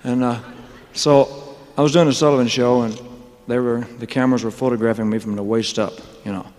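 A man's voice: mid-range voice, fairly even intonation, brisk, a little mellow. A man telling his career story on a live stage, rambling with mumbled asides, wisecracks and chuckles. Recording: live hall with faint crowd ambience.

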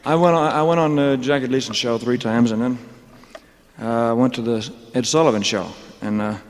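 A man's voice: medium pitch, fairly even intonation, moderate pace. A man rambles through his story on a concert stage, trailing into mumbled asides and wisecracks, chuckling between lines. His voice sits in a middling register and carries a long hall reverb with faint crowd noise behind. It has the loose, unscripted feel of a live performance. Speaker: singer telling his career story on stage.

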